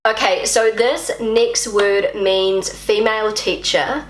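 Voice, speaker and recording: A woman's voice: mid-range voice, steady tone, slow, slight background noise. Brief: chatty woman vlogger, native English speaker, self-mocking, in a roomy space. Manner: self-deprecating, chatty, repeats words while practising. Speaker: language vlogger. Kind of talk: casual talk to camera.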